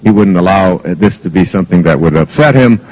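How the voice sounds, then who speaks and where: In poor-quality audio, a man with a low, expressive, slightly mellow voice talks briskly to an audience. He's a motivational speaker sharing rambling, earnest, reflective anecdotes full of fillers.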